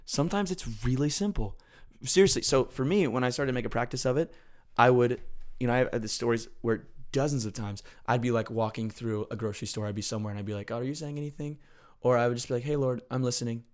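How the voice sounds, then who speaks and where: A man's voice: mid-range voice, fast talker. A man hosting a podcast, explaining a faith practice in an earnest, conversational way and often checking in with the listener. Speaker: podcast host teaching on faith. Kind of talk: casual teaching talk.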